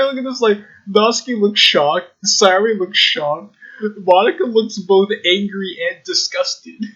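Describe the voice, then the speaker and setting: A man playing a story game, reading its text aloud and reacting with excited exclamations and frequent laughs. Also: high voice, slightly rough, dull audio. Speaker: gaming YouTuber.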